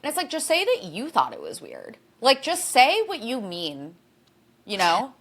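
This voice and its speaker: A woman's voice: a little high, huge pitch swings, normal speed, fairly bright tone. A young woman co-hosting a gossip podcast, chatting casually with strong opinions and easy laughter. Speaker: podcast co-host. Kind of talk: casual chat.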